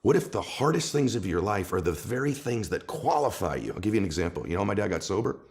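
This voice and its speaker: A man's voice: lowish voice, very animated, quick pace, creaky, a little mellow. A middle-aged man, a guest author in an interview, telling personal stories with emphatic, building passion. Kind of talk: conversational interview storytelling.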